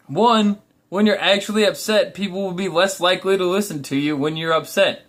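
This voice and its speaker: A young man with a high voice rants casually to the camera. He is blunt and profane, and he keeps restarting his sentences as he rambles. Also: lively intonation, moderate pace, fairly bright tone. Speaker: vlogger. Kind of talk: casual ranting monologue.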